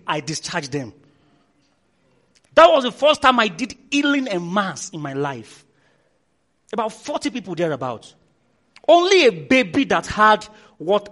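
A man with a Nigerian accent preaching as a pastor, telling stories with lots of energy and loud repeated calls. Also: high-pitched. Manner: animated storytelling, shouting repeated commands. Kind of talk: sermon.

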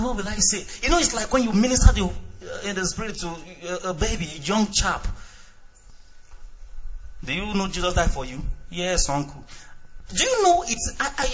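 A male pastor preaching a sermon, acting out little dialogues, swinging between shouts and quiet asides. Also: high voice, dull audio.

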